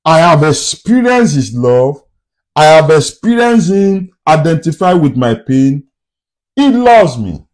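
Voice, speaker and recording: Slow, animated man preaching a sermon. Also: fairly high pitch. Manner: emphatic, repeats rhetorical questions.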